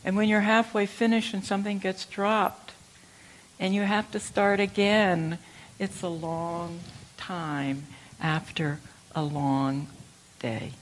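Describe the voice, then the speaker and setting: An older woman giving a reflective Buddhist dharma talk, telling stories gently. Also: medium pitch, flat delivery, slight background noise, poor audio. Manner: slow, reflective, gentle storytelling. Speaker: Buddhist teacher.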